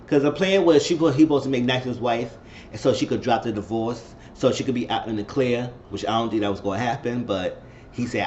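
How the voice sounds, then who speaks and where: A man's voice: medium pitch, fast talker, a little mellow, lo-fi sound, a little hiss or hum. A man casually recapping a TV episode, chatty and rambling, acting out the quotes as he goes. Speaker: TV episode reviewer.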